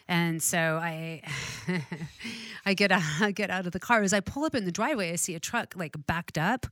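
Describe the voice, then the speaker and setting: Middle-aged woman, casual chat, acts out dialogue, low voice, dry recording. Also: normal speed, no echo. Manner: animated storyteller, acts out dialogue, laughs often. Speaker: real estate investor.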